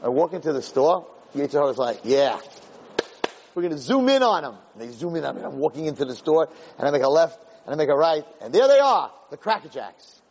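A man who lectures on Jewish themes, delivering an animated, dramatic storytelling sermon. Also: a little high, fast talker, a little hiss or hum, low-quality recording.

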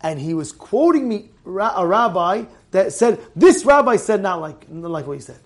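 Male rabbi, very high voice, emphatic repetitive preaching style with loud bursts and hushed asides. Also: sing-song, normal speed. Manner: emphatic, repeats phrases, swings between loud exclamations and quiet asides. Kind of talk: animated Torah class sermon.

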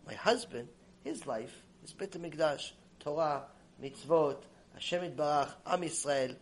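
A man voicing a calm, sly rabbi's wife who speaks low and unbothered. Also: a little slow. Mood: explaining.

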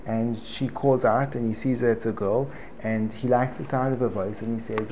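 A man with a warm, mid-range voice teaches an informal Torah class to a live room at an unhurried pace. He jokes, digresses, and often repeats himself. The dull lo-fi recording carries faint room noise.

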